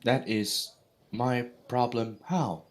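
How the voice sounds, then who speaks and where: A man playing a tabletop game, measured and slightly formal when speaking as his character. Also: mid-range voice, steady tone. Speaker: player. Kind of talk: tabletop role-play.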